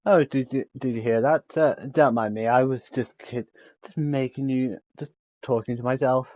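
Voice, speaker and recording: A man's voice: medium pitch, steady tone, moderate pace, no echo, narrow, tinny audio. A man streaming a game, reading its dialogue aloud, stumbling over words, restarting lines and laughing between them.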